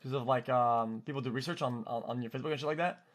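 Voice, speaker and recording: A man in his twenties with a French-Canadian accent, a streamer telling a story in casual chat, excitable, cursing freely and stumbling over repeated words. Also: mid-range voice, fast, soft background music. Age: 20s.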